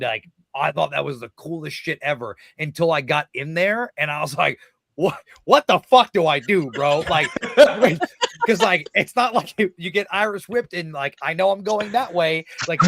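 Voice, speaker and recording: A man's voice: sits high, bright, forceful tone, a little hiss or hum. A man, a wrestler, telling stories on a casual podcast, swearing often, laughing through them, acting out other people's lines.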